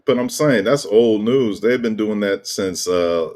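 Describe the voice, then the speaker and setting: A man's voice: lowish voice, a little slow, darkish tone. Blunt, joking male host. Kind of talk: casual chat.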